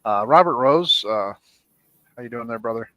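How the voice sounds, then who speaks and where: A man's voice: medium pitch, animated, normal speed, a bit bright, dry recording, low-quality recording. A man co-hosting a casual live chat, reading out viewer comments in an upbeat, jokey way.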